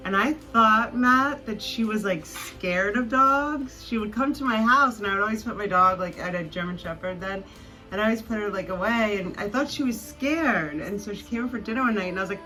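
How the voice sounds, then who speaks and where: A woman's voice: mid-range voice, a little fast, pushed and bright, soft background music, rough recording. A woman hosting a podcast, telling rambling stories in casual chat with lots of fillers. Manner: rambling, chatty storytelling with many fillers. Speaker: podcast host. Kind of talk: casual conversation.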